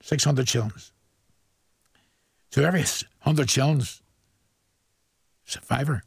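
A man with a Northern Irish accent presenting a chatty local radio show, reading shout-outs and a quiz in a folksy, jokey way straight to listeners. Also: mid-range voice, unhurried, creaky, breathy edge, no echo, clean studio sound.

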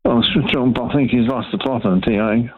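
A man's voice: medium pitch, fairly quick, husky, dry recording. A man calling a radio phone-in, giving short agreeable answers with tag questions. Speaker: caller. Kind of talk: casual phone-in chat. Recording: phone line into radio show.

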